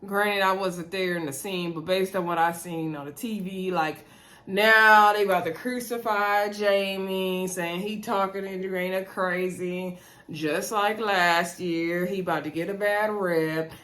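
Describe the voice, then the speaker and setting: A woman's voice: mid-range voice, fairly even intonation, measured pace, fairly bright tone. Chatty woman recapping reality TV. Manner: chatty, addresses viewers as y'all, laughs often. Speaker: TV show recap reviewer. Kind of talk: casual chatty review.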